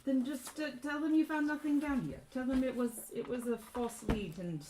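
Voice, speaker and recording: A woman voicing a guarded, deadpan woman who hides underground in a tabletop game, speaking in a blunt, flat way. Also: high voice, normal speed, reverberant, background noise, voice pushed up, lightly acted. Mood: pleading.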